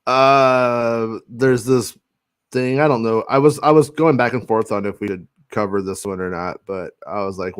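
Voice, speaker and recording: A man hosting a casual podcast chat, animated and swearing casually, who also reads out news items. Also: on the low side, normal speed, no echo, studio quality. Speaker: podcast host.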